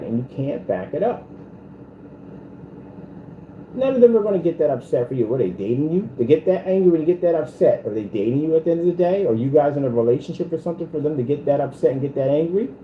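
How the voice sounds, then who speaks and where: Narrow, tinny audio with slight background noise carries this man's high-leaning, animated voice at a quick pace. He's a channel host in a ranting commentary video, taunting and repeating himself in an echoey room with music behind.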